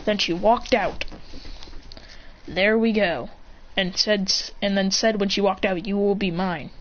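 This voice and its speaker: A woman's voice: mid-range voice, fairly even intonation, unhurried. A woman casually improvising a fan-fiction story, rambling and correcting herself, on a slightly muffled recording. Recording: slightly muffled, faint hiss.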